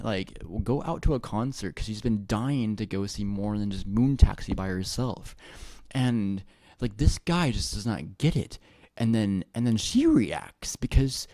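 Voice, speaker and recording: Gravelly low-voiced man rambling excitedly. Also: moderate pace, no room sound, studio quality. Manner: rambling and excitable, many restarts and swearing. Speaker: vlogger. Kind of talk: rambling personal monologue to camera.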